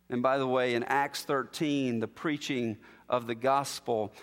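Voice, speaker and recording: Man preaching in a big church, slow and emphatic, sinks low on key lines, lots of echo. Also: fairly bright tone. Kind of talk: expository sermon. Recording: long hall reverb.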